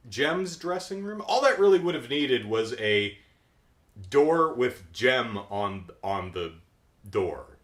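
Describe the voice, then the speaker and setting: Animated deep-voiced middle-aged man. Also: echoey room. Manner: animated, keyed-up, jumps into silly voices. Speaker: podcast host. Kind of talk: casual reaction commentary.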